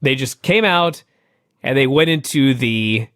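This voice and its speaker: A man co-hosting a podcast, chatting casually as an excitable, enthusiastic fan. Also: measured pace, dry recording, studio quality. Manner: excitable, enthusiastic fan who jumps up in pitch when thrilled. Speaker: podcast co-host. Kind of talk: casual chat.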